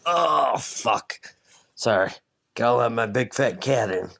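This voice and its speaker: A man hosts a podcast alone, delivering a casual, rambling rant that's profane and self-mocking. His medium-pitched voice is creaky and a bit bright, with lively intonation and a slow pace.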